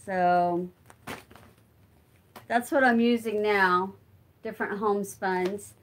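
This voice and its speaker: Speaking slowly in a steady, mid-range voice, this middle-aged woman runs a relaxed livestream. She works on crafts as she talks to viewers, responds to comments, and wanders through her thoughts out loud, filling gaps with lots of fillers.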